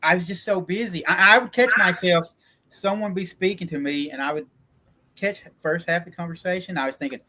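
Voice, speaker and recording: A man's voice: high-pitched, brisk, bright, forceful tone, slight background noise. A man with a Southern Kentucky accent, hosting a casual chat about filmmaking, talking in rambling bursts with many stammered restarts. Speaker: host, indie filmmaker.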